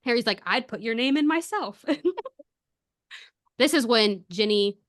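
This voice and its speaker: A woman podcast host chatting casually, retelling a story in an animated way with lots of laughs. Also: a little high, measured pace. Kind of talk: casual chat.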